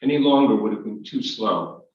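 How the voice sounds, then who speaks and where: A man reading his memoir aloud to an audience, in a measured, wry storytelling manner. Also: fairly low pitch, expressive. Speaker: author reading his work. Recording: echoey hall, distant, dull.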